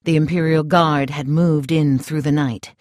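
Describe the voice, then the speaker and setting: Slow, calm male audiobook narrator. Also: a little high, dry recording, studio quality. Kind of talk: scripted narration.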